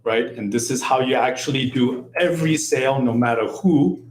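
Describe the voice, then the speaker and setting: A man's voice: medium pitch, normal speed, roomy sound, a little hiss or hum, poor audio. A man working as a sales agent who explains at length and often ends points with "right?". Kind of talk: team meeting discussion.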